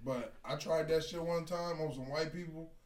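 A man's voice: fairly high pitch, fairly even intonation, normal speed. A man co-hosting a podcast, chatting bluntly and often laughing. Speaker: podcast co-host. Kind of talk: casual chat. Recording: echoey room, distant mic, faint noise.

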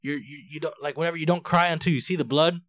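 A man's voice: fairly high pitch, fairly even intonation, very fast, fairly bright tone, no echo, studio quality. A man in his twenties, a podcast co-host telling a long story in casual chat, rambling, laughing often and swearing freely.

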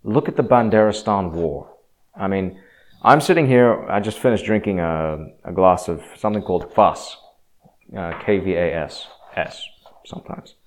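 Deep-voiced man musing on faith. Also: moderate pace. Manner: rambling, restarts often, swings between quiet and emphatic. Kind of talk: casual religious monologue.

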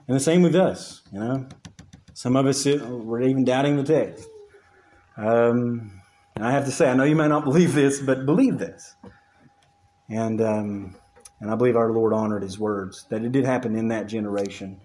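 A man preaching a sermon as pastor, earnest and emphatic, often restarting his phrases and reading scripture aloud in a lowered voice. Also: moderate pace, dark tone.

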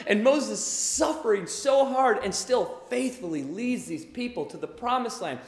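Animated high-voiced male pastor preaching. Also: normal speed. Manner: animated, acts out quoted voices. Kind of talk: sermon. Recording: echoey hall with long reverb.

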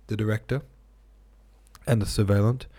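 A man reading a book aloud in a deliberate storytelling manner, now and then laughing at his own slips. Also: fairly low pitch, fairly even intonation, mellow. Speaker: reader.

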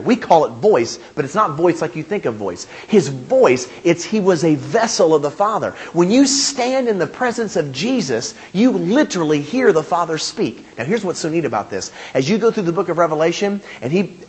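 A man's voice: on the high side, breathy edge. A man preaching a sermon as pastor, speaking emphatically with repeated phrases and questions to his congregation.

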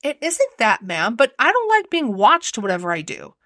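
A woman's voice: a little high, huge pitch swings, moderate pace, fairly bright tone, no echo, studio quality. A woman voicing an anxious young parlor maid in a storybook reading, respectful and apologetic. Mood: deferential.

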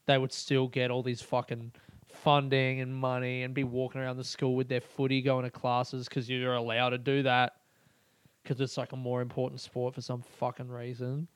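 A young Australian man with an Australian accent hosting a podcast, ranting excitably, swearing a lot and laughing often. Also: mid-range voice, normal speed, clear, resonant tone, dry recording. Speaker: podcast host. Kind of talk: casual podcast rant.

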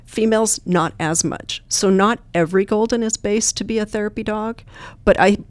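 A woman's voice: mid-range voice, normal speed, dry recording. A woman guest who trains therapy dogs, telling earnest, plain-spoken stories in an interview. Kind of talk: storytelling interview answers.

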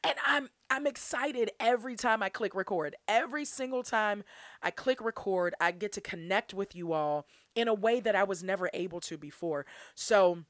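A woman's voice: mid-range voice, moderate pace, fairly bright tone, no room sound, studio quality. A young woman hosting her own podcast, talking earnestly and from the heart, laughing often as she goes. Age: young adult. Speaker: podcast host. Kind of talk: solo podcast monologue.

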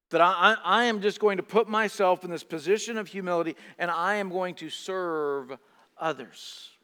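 Male pastor with a slightly raised pitch, preaching animatedly and acting out quotes, recorded in a reverberant church hall. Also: moderate pace, clean tone. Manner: animated, acts out quoted voices, repeats words. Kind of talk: sermon.

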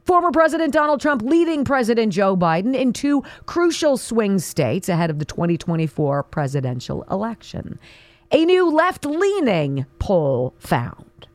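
Talk radio host, woman, higher voice, animated and indignant, dry close mic. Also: normal speed, no room sound. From Pennsylvania, US. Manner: indignant, fiery, sarcastic. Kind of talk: political talk radio monologue.

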